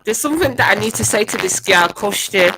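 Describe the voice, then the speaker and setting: A woman joining a casual livestream chat as a guest, talking in a hesitant, halting way. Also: mid-range voice, animated, creaky, bright, forceful tone, breathy edge.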